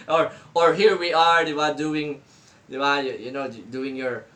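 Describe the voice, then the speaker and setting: Bright-voiced Filipino man musing aloud. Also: fairly high pitch, steady tone, takes it slowly. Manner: mixes English and Tagalog, keeps asking "di ba?". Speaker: podcast host answering a question. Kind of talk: casual reflective talk.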